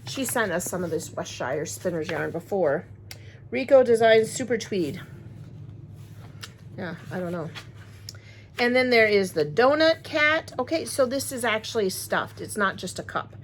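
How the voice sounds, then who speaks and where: A woman's voice: medium pitch, animated, measured pace, slight background noise. A woman chatting casually to her viewers, rambling and friendly as she unboxes crochet supplies. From Wisconsin, USA. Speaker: crochet vlogger.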